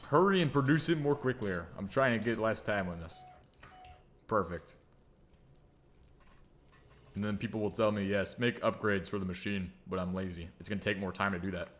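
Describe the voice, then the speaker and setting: A man's voice: low-pitched, fairly even intonation, moderate pace, pauses often, a bit bright. A man giving casual, jokey gameplay commentary, muttering and humming to himself as he builds. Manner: jokey, self-mocking, hums and mutters to himself. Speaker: gaming video creator.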